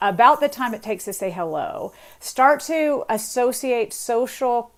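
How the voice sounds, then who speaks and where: A woman's voice: a little high, lively intonation, measured pace. A woman, a linguist and author, explains on a radio interview in a chatty way, imitating accents as she goes.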